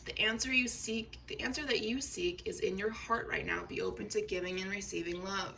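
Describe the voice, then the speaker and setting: A woman's voice: medium pitch, brisk, gravelly, bright, forceful tone. A woman giving a casual tarot reading to her viewers, chatty and reassuring, often checking in with "okay?". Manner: chatty, reassuring, filler words, addresses viewers directly. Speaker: tarot reader. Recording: slightly distant mic with faint noise.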